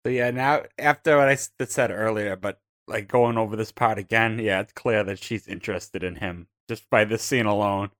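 A man's voice: fairly low pitch, moderate pace, few pauses, a bit bright. A man in a casual podcast chat, laid-back and tentative with his guesses.

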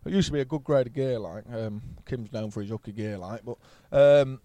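A man's voice: mid-range voice, brisk, warm tone, dry recording. A man, a podcast guest telling rambling anecdotes bluntly and swearing freely. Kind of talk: casual storytelling chat.

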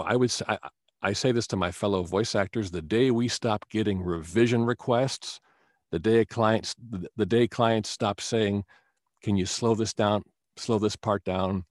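A man's voice: lowish voice, dry recording, clean studio sound. A man who works as a voice actor, telling stories as a guest in a casual interview. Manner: storytelling, animated, with quick restarts.

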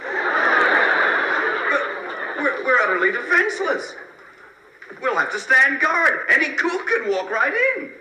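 An actor playing a fussy, prim, excitable man in a sitcom clip. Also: extremely high pitch, slow, long pauses, roomy sound, far from the mic, slight background noise, heavily acted, rough recording. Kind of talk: 1970s sitcom acting.

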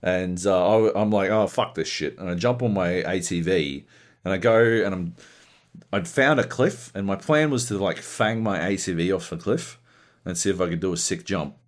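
A man co-hosting a casual gaming podcast, telling profane, animated stories about multiplayer sessions. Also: low voice, normal speed. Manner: profane, animated storytelling with lively put-on voices. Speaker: podcast co-host.

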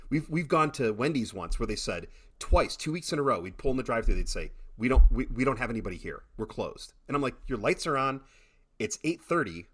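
A middle-aged man chatting casually on a podcast, telling animated stories with many repeated starts. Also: medium pitch, fairly quick, breathy edge. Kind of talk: casual chat.

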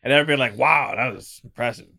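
A man's voice: medium pitch, racing, creaky, pushed and bright. A man playing a tabletop game, teasing and playful with his friends. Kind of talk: casual tabletop game banter.

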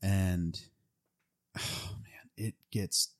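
A man's voice: low-pitched, fairly even intonation, very slow. A young man casually retelling a movie plot, rambling with lots of fillers. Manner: rambling, full of "like" and "um".

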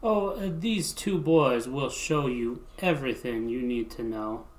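A woman voicing a stern, impatient male military colonel who questions a scientist in clipped, flat lines. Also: very deep voice, measured pace, pitched below the performer's own voice.

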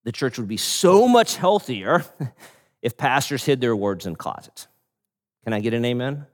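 Lively male pastor in a reverberant hall. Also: mid-range voice, normal speed. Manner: animated storyteller, laughing, frequent restarts. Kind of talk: sermon.

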